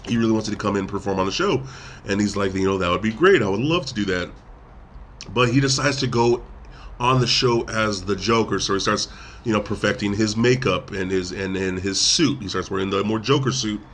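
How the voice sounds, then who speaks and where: A man's voice: fairly low pitch, brisk, fairly bright tone. A man hosts a laid-back podcast, retelling a film scene by scene in a loose, rambling way. He stumbles over restarts and keeps leaning on fillers. A faint hiss sits under his voice. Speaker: podcast host. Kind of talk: casual movie review chat.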